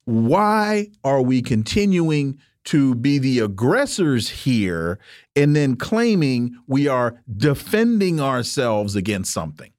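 A man's voice: big pitch swings, slow, a little mellow, no room sound, clean studio sound. A man co-hosting a political talk radio show, arguing emphatically with rhetorical questions. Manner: emphatic, rhetorical questions, rising pitch when pressing points.

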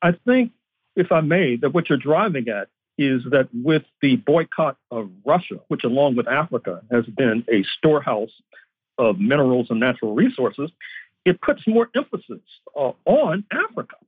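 Husky-voiced male historian on a phone line. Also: medium pitch, sing-song, moderate pace, no room sound. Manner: lecturing, long flowing historical arguments. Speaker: history professor guest. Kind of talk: political analysis interview. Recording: tinny phone-line audio.

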